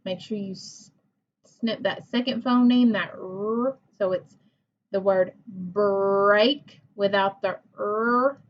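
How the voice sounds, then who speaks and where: A woman teacher leading a phonics lesson for young children. She talks slowly and patiently, sounding out words and praising each answer. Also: medium pitch, steady tone, darkish tone, slight background noise. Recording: dull lo-fi recording.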